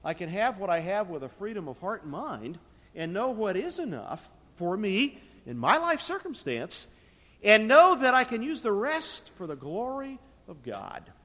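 A high-voiced man preaching a sermon, his delivery swinging widely in pitch and loudness for emphasis. His voice carries a long echo from a large church sanctuary. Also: very animated, a little slow. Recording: long reverb of a large hall.

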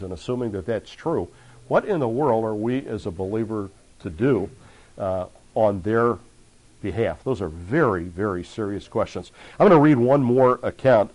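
A man preaching at a conference seminar, earnest and measured, with frequent fillers between phrases. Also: fairly low pitch, a little mellow. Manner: earnest, reads accounts aloud with rising intensity. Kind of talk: conference sermon lecture.

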